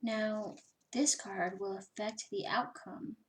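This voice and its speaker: A woman's voice: mid-range voice, fairly even intonation, takes it slowly, poor audio. A woman giving a casual personal tarot reading, chatty and swearing freely, with lots of "you know" fillers. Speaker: tarot reader.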